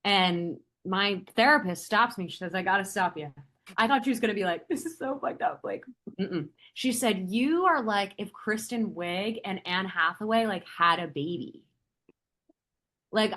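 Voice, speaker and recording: Young woman podcast co-host, brash and animated, slips into quoted voices while telling stories. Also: mid-range voice, measured pace. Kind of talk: casual chat.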